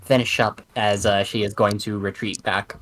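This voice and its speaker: A man's voice: lowish voice, level tone, moderate pace, fairly bright tone, slight background noise. A man playing in a tabletop game, talking casually and rambling, often correcting himself mid-sentence. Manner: rambling, self-correcting speech. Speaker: player.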